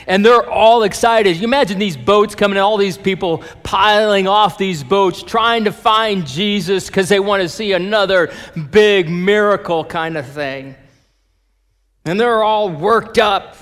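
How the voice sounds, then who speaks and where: A male pastor preaching a sermon, telling the story in an animated way and acting out the people in it. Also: high-pitched, a little slow. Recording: long reverb of a large hall.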